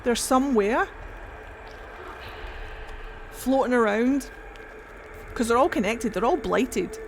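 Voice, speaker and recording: A woman streamer talking casually over a game, excitable and given to swearing. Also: a little high, slow, a little hiss or hum. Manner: excitable, swears and laughs a lot. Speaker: gaming streamer. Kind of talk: casual let's-play commentary.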